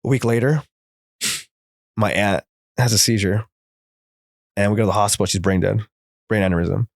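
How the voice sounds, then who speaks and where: A man, a therapist in recovery, telling his personal story as a guest in earnest, rapid present-tense bursts. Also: on the low side, creaky, no room sound, studio quality.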